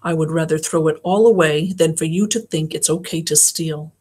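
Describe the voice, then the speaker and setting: A woman reading an audiobook, voicing a stern, heartbroken mother scolding her teenage daughter in a low voice. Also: moderate pace, darkish tone, slightly rough. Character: angry, heartbroken mother of a teen girl.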